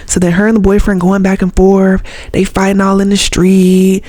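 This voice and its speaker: A woman's voice: medium pitch, completely flat delivery, moderate pace, few pauses, warm tone, no room sound. A young woman from the Southern US with a Southern accent, ranting casually to camera in a blunt, sarcastic way and swearing freely. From Southern United States. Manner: blunt and sarcastic, swears freely, mimics others in mocking voices. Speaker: vlogger.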